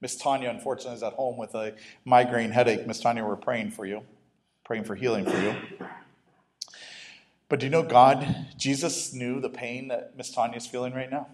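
A man's voice: medium pitch, steady tone, brisk. Conversational preacher, a man with asides. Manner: conversational, with self-interrupting humorous asides. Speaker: pastor. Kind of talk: sermon.

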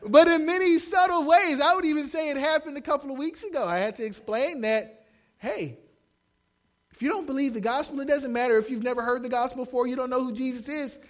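A young man preaching a sermon, animated, acting out the quotes he shouts. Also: very high-pitched, fairly quick. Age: young adult. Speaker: pastor.

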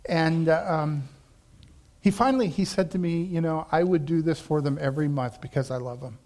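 Man, pastor, sermon, fairly high voice, animated storytelling, quoted voices. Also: normal speed. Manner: animated storytelling, acts out quoted voices, laughs between lines.

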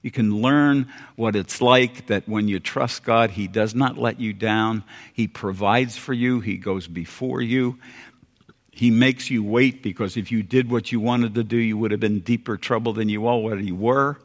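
An older American man preaching a sermon, earnest and folksy, repeating phrases and dropping suddenly quiet for emphasis. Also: lowish voice, steady tone, unhurried. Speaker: pastor. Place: church sanctuary. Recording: long hall reverb.

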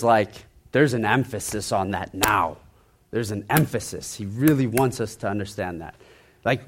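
A man preaching a conversational sermon, repeating phrases and dropping to soft emphasis. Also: medium pitch. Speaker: pastor.

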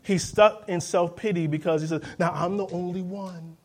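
In a high-pitched voice, this pastor gives an energetic sermon, pressing every point and inviting the congregation to call back. Between quick imitations of those he quotes, he returns to plain, emphatic delivery.

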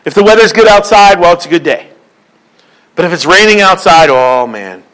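A male pastor delivers a sermon, his voice sitting high for a man. He builds his points through repetition and rising emphasis, and he slips into quoted voices to tell a joke. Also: animated, normal speed, a bit bright, poor audio.

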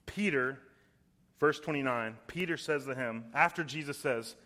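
A young adult man preaching a sermon, emphatic and slowing down to stress key words. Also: mid-range voice, pushed and bright. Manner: puts on voices when quoting.

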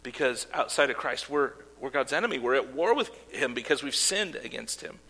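A man's voice: mid-range voice, animated, fairly quick, sharp tone. A man preaching a sermon as pastor, earnest, with casual asides and fillers. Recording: long hall reverb.

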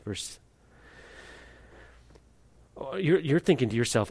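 A man delivers a sermon with animated emphasis, leaning into the story as he preaches. His voice sits at a middle pitch. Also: unhurried, long pauses. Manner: animated preaching, acts out voices and reads scripture aloud. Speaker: pastor.

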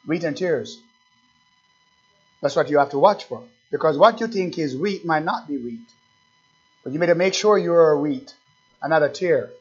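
A man's voice: on the high side, animated, moderate pace, pauses often, slightly rough, dull audio. A man preaching a sermon as pastor, asking rhetorical questions and building in fervor.

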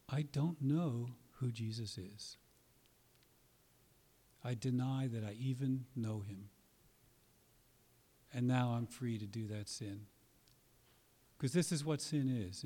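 A man's voice: medium pitch, warm tone. Earnest man preaching a sermon. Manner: earnest, emphatic, with dramatic pauses and acted quotes.

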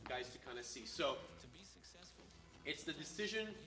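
A man's voice: fairly high pitch, animated, unhurried, far from the mic. A man teaching a conversational Bible lesson who explains step by step and keeps checking in with his listeners. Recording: roomy, speaker away from the mic.

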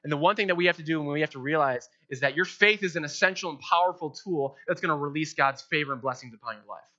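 A young man preaching a sermon as pastor, animated, acting out quoted prayers in playful voices. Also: fairly high pitch, quick pace. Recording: dull lo-fi sound.

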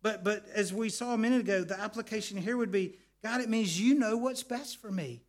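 A man's voice: sits high, a little fast. A middle-aged man preaching earnestly, often repeating words as he explains. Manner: earnest, repeats words, tells family stories. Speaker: pastor. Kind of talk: sermon.

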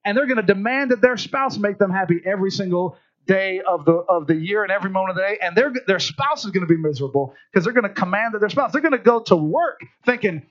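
A man preaching a sermon, telling lively stories and acting out voices. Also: sits high, fast, lo-fi sound. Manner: animated storytelling, acts out voices. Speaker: pastor.

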